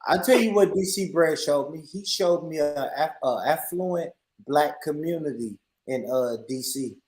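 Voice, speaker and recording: A man's voice: unhurried, poor audio. A man from Tennessee, chatting casually and animatedly on a live online panel. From Tennessee, USA. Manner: animated, laughing, mocking high-pitched put-on accents.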